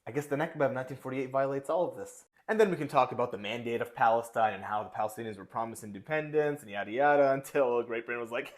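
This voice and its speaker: A man's voice: mid-range voice, fast, few pauses. A man giving casual commentary, reacting with sarcastic, wry asides.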